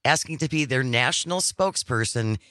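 A man's voice: mid-range voice, expressive, brisk, bright, forceful tone, no echo, studio quality. A man co-hosting a casual talk show, sharing trivia in an informative way. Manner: informative, reads facts. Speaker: co-host. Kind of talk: casual chat.

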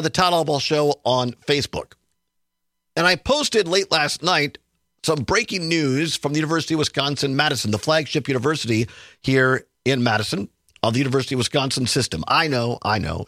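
A man's voice: medium pitch, fairly bright tone, no echo. A man hosting a political talk radio show from a studio, chatty, sarcastic and opinionated. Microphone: studio microphone.

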